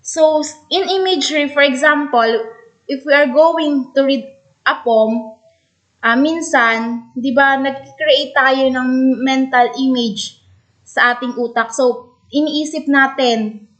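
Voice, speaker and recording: A woman with a Filipino accent teaching a lesson, explaining slowly and starting many sentences with "so". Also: high-pitched, a bit bright. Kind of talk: classroom lesson in Taglish.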